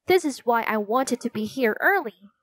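A woman's voice: a little high, animated, normal speed, a bit bright, no room sound. A woman voicing an eager, impatient young boy in a storybook reading.

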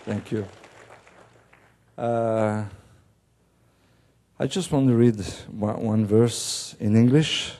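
Male missionary pastor, slow delivery, mellow tone, halting sermon with gentle humor. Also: on the low side, steady tone, a faint crowd. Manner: halting, with many restarts and fillers. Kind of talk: sermon with light joking. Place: church service.

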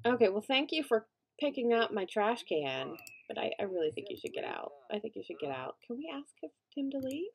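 A young woman talks through her game in a chatty, reactive way, with a fairly high voice. Her pitch leaps around a lot as she laughs and exclaims at what happens on screen. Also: big pitch swings, brisk, creaky, few pauses, breathy edge. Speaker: let's play host. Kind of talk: gameplay commentary.

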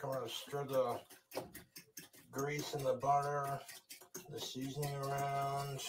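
A man narrating his cooking to the camera in a slow, relaxed, casual way. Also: mid-range voice, very noisy. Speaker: home cook filming himself.

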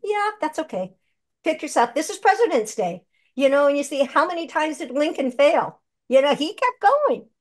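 An older woman with a high voice, speaking at normal speed, is a seasoned actress and voice performer guesting on a conversational interview. She's an animated, chatty storyteller who acts out the quotes in her stories.

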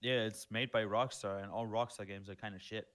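A man's voice: on the low side, steady tone, a little fast, fairly bright tone. A man chatting crudely in character, blunt and laid-back, with lots of swearing. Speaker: roleplay player. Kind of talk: in-character game roleplay banter.

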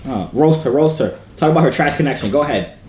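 A man's voice: a little high, animated, fast talker, darkish tone. A young man coaching his younger brother on a video chat app, teasing and laughing often. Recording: echoey room, faint noise.

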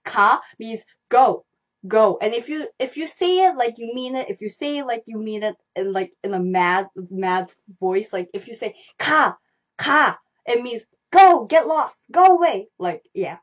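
Woman, Korean accent, live language teacher, patient repetition, highish voice, dull muffled audio. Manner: upbeat, repeats stroke directions slowly, laughs often. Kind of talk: live-streamed language lesson.

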